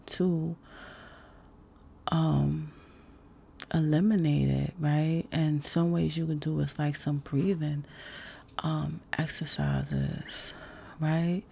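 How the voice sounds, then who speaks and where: A woman giving a casual self-help talk, laid-back and slangy with many fillers, dropping to a soft whisper when she walks through breathing exercises. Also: low-pitched, creaky, slightly rough.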